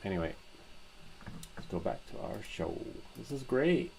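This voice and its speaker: A man's voice: lowish voice, sing-song, unhurried, vocal fry, noisy background. A man hosting a live stream, chatting casually and rambling, laughing easily.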